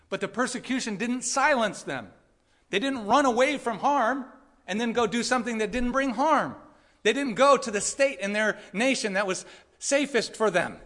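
A man's voice: very high-pitched, a bit bright. A male pastor preaching a conversational, emphatic sermon to his congregation, repeating his points and adding casual asides. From California.

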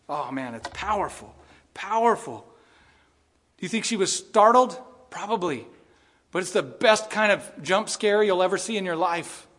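A man preaching a sermon as pastor, earnest and conversational, with asides and soft chuckles. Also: sits high.

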